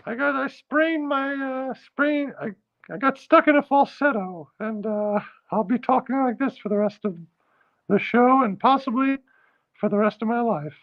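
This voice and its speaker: A squeaky, thin falsetto voice, as a man puts it on, griping in mock dismay about being stuck talking this way. It sits far above his normal speaking voice, and the lo-fi recording sounds dull. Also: moderate pace.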